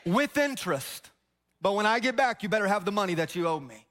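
Guy preaching as a cocky old-time tax man, real high voice, pushy and smug. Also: very animated, a little fast, a bit bright. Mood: smug, demanding. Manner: smug, businesslike, demanding. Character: pushy proud ancient tax collector man.

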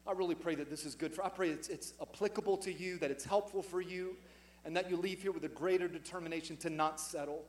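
A pastor delivering a sermon in a church sanctuary, his voice sitting high for a man. He is middle-aged and preaches emphatically, climbing louder on each key point. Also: steady tone, fast.

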